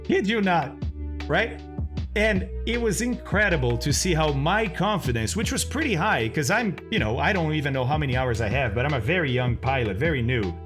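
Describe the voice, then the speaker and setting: A man's voice: a little high, expressive, normal speed, over music. A man, a streamer animatedly commenting on his own talk and laughing often. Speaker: streamer and flight sim host.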